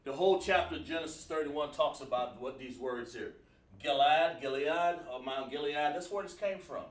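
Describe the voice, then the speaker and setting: A man's voice: fairly high pitch, normal speed. A man teaching a class at a board, explaining word by word with many fillers and repetitions. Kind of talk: classroom lesson. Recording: echoey room from far off.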